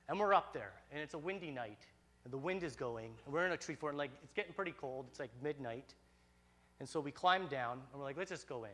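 Animated, excitable man telling a story. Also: fairly high pitch. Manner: animated, excitable, frequent restarts. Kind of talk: personal storytelling.

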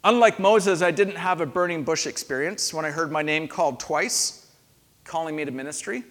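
A man's voice: fairly high pitch, normal speed, a bit bright. A male pastor giving a sermon in a conversational storytelling manner, asking his listeners questions. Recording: long hall reverb.

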